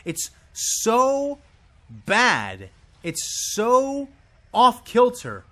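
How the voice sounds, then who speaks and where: A man's voice: wildly swooping pitch, drawn-out words, bright, forceful tone. A man giving an impassioned, exasperated solo rant to camera, swearing and sputtering as he goes. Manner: exasperated, swearing, high and swooping. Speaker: video creator ranting about a show.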